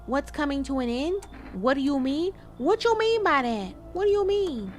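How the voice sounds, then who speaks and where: A woman giving casual gameplay commentary, animated and chatting straight to her viewers with quick exclamations. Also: high-pitched, faint music behind. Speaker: gaming video creator.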